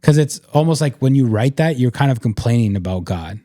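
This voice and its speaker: A man in a casual faith-based podcast talk, with a mellow, warm tone. He speaks in an earnest, reflective way, and his sentences are loose and full of "like." The sound is dry, with no room around it. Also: mid-range voice, lively intonation, a little fast, no room sound. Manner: reflective, earnest, filler-heavy with frequent "like". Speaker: podcast host.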